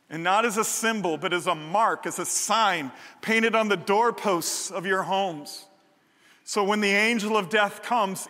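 A man's voice: high-pitched, sharp tone. A man preaching a sermon as pastor, talking in a conversational way that builds to fervent emphasis. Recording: long hall reverb.

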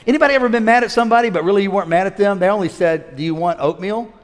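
A man in his fifties preaching a sermon, swinging between loud calls to the congregation and quiet storytelling. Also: high-pitched, rapid-fire. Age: 50s. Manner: animated preacher, shifts from shouting to quiet storytelling. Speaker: pastor. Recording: long reverb of a large hall.

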